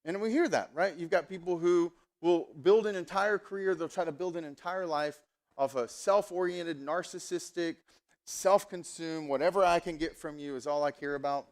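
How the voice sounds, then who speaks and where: A man preaching a sermon at a church service, conversational and animated, telling stories in a casual way. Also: fairly high pitch, moderate pace. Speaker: pastor.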